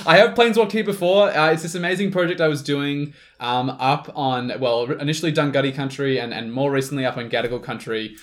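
A man's voice: fairly high pitch, fairly even intonation, brisk, hardly any pauses. A man co-hosting a podcast, talking in a casual, earnest way with frequent restarts and fillers. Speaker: podcast co-host.

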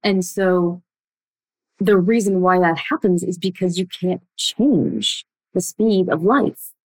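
A young woman coaching listeners on relationship patterns in a blunt, emphatic way, with sudden shifts between quick bursts and slow, drawn-out words. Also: on the low side, darkish tone, rough recording. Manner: blunt, emphatic, speeds up and slows down a lot. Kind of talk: direct-to-listener coaching talk.

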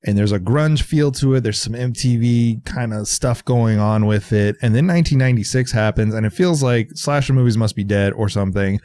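A man in his thirties co-hosting a casual movie review podcast, talking in an animated, profane way and mocking studio thinking. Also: mid-range voice, brisk, hardly any pauses. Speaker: podcast co-host.

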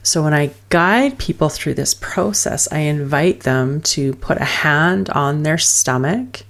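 A woman with a notably low voice talks through a breathing practice as a coach. Her delivery is soothing and unhurried in spirit, built from loose fragments and frequent fillers. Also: animated. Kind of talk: guided wellness teaching.

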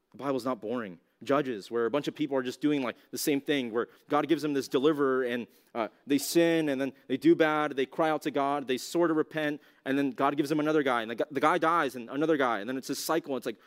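A male youth pastor gives a teaching talk to young listeners. His voice sits at an ordinary middle pitch, and he speaks loosely and conversationally, often saying "like" and tossing out rhetorical questions. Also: a little fast. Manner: casual, conversational, heavy use of "like"; asks the audience rhetorical questions.

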